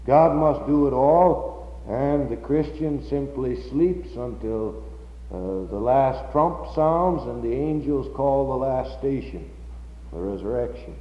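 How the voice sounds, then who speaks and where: A pastor preaching a sermon slowly and emphatically, building to loud high peaks on key words. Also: male voice, expressive, echoey room, long reverb tail, lo-fi sound.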